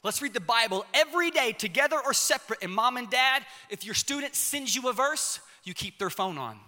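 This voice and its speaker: A young man preaching a sermon with passion, swinging between shouts and hushed, quiet lines. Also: very high voice, animated, brisk. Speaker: pastor. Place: church auditorium. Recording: long reverb of a large hall.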